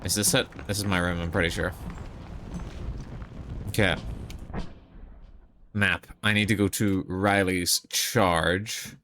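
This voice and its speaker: A man's voice: sits low, steady tone, slow pace, pauses often, bright, forceful tone, slight background noise. A man streaming a video game live, chatting casually, joking, swearing and making fun of himself. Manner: joking, swearing, self-mocking.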